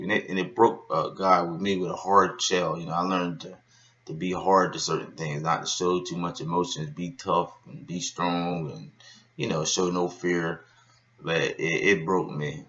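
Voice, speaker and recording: Deep-voiced man telling a candid testimony. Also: pushed and bright, lo-fi sound. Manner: candid storytelling with many fillers. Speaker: street preacher. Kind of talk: personal testimony vlog.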